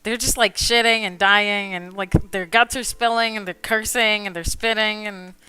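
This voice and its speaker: Drawing on stream with soft music underneath and no room sound, a woman talks in a smooth, steady, mid-range voice at normal speed. She's casual and chatty, swearing freely and laughing often as she rants with mock indignation.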